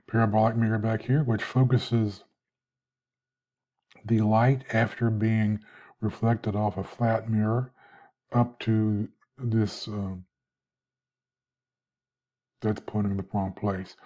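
Male instructor, sleepy and halting, lo-fi recorded video feedback. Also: on the low side, dark tone. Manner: halting, many restarts and fillers, yawning. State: sleepy, yawning. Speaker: instructor giving feedback to a student.

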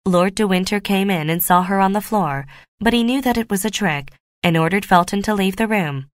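A woman narrating a graded reader audiobook in a clear, steady, measured way. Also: mid-range voice, no room sound, clean studio sound.

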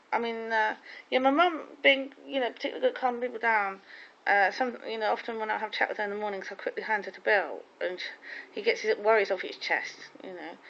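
A woman's voice: mid-range voice, gravelly, fairly bright tone. A woman in casual chat, telling rambling, gossipy stories full of restarts. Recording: dull lo-fi recording.

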